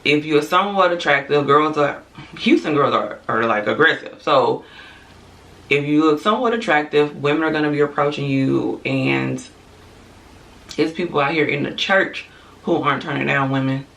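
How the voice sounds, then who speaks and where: A woman vlogger speaks her mind in a casual, unfiltered rant, swearing freely and dropping quick asides to her viewers. Her voice is bright and clear in tone. She sits a little back from the microphone. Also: low-pitched, recorded from a distance. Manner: blunt, profane, candid, with frequent asides and laughs. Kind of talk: casual opinion rant to camera.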